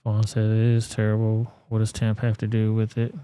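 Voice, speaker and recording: A man's voice: on the low side, monotone, normal speed, mellow, clean tone, dry recording. A man with a Southern US accent hosting casual reaction commentary, blunt and profane. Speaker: commentary channel host.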